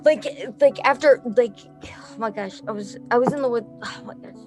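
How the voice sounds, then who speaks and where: A woman's voice: fairly high pitch, normal speed, a little mellow, soft background music. A young woman from Texas, a musician guest telling a story casually, rambling with lots of fillers, swearing and laughing often.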